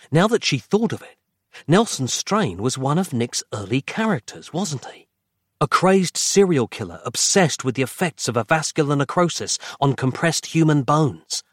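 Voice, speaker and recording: A man narrating a horror audiobook with dramatic, measured pacing. His voice sits at a middle pitch. It is recorded dry and close on a studio mic. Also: no echo.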